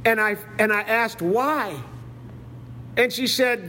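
A visiting male preacher with a high-pitched, sharp voice delivers a sermon, telling stories with heartfelt feeling and reciting scripture from memory. He speaks at normal speed, and a little hiss or hum is audible.

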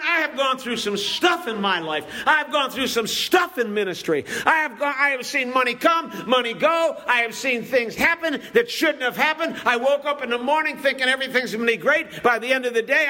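A male preacher with a strikingly high voice delivers an impassioned sermon in a church. His tone is bright and forceful, and he hammers points home with repetition and a rolling preaching cadence. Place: church building.

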